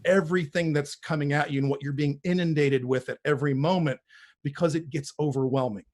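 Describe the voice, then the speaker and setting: A man's voice: on the high side, steady tone, fairly quick, darkish tone. A personal trainer in his forties speaking as a podcast guest, emphatic and preachy, often repeating words as he builds a point. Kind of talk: conversational interview.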